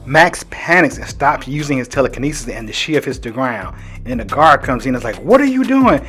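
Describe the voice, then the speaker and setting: A man's voice: mid-range voice, a little fast, sharp tone, soft background music. A man hosting a casual comic book recap in a loose, chatty way, leaning on "like" throughout. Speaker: host.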